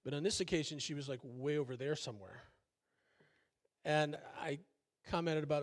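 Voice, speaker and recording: A man's voice: a little high, normal speed. An older man preaching a sermon as pastor, folksy and conversational, with many fillers and self-deprecating asides. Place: church sanctuary.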